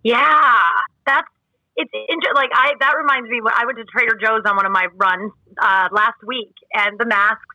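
A woman's voice: a little high, fairly even intonation, moderate pace, sharp tone, dry recording, soft background music, low-quality recording. A woman guest chatting casually on a podcast, emotional and rambling, with many restarts. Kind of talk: casual chat.

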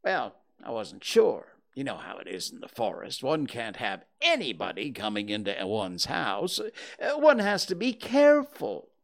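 A man's voice: medium pitch, wildly swooping pitch, measured pace, creaky, full character voice. A man voicing a cautious, polite male rabbit, speaking in a prim and fussy way.

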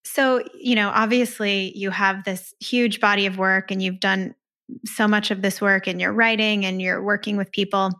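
A woman co-hosts a podcast with a bright, clear tone. Her pitch stays level and even as she frames long, open questions for her guest. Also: moderate pace. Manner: soft, affirming, asks long open questions. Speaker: podcast co-host. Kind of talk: interview questions.

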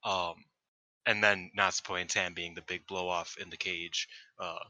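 A man co-hosting a casual podcast in a rambling, filler-heavy way, swearing offhand as he goes. His voice is very bright and a little low, and the recording is dry and close. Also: flat delivery, normal speed, no room sound, low-quality recording. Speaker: co-host. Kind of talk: casual wrestling podcast chat.

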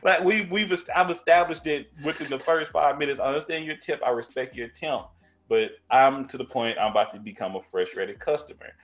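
A man with a deep voice telling stories in casual podcast chat, swearing freely and restarting his sentences often. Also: fairly quick. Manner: casual, profane storytelling with many restarts.

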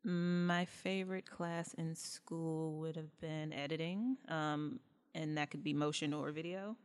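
A woman chatting casually in a group, playful and quick to laugh. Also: deep voice, fairly even intonation, clean tone. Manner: playful, laughs between answers.

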